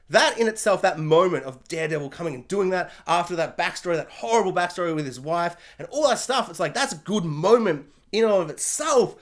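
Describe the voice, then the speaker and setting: High-voiced man in a rambling, sarcastic review. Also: animated, a little fast, few pauses. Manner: rambling and sarcastic, slips into silly mock voices. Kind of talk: casual spoken review.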